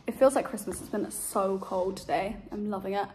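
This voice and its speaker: A woman's voice: mid-range voice, fairly even intonation, a little fast, darkish tone, distant mic, a little hiss or hum. A young woman in her twenties chatting casually in a home vlog, rambling, trailing off and swearing freely. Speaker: vlogger. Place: home, indoors.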